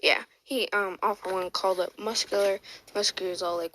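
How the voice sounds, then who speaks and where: A woman's voice: mid-range voice, steady tone, moderate pace, fairly bright tone, poor audio. A woman telling a fan story in a casual, rambling way, restarting often and saying "like" a lot.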